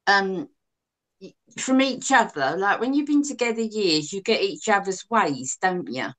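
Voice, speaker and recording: A woman with a Cockney accent co-hosting a live chat stream, talking casually and warmly to her viewers. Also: mid-range voice, animated, measured pace. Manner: chatty, calls people sweetheart and darling.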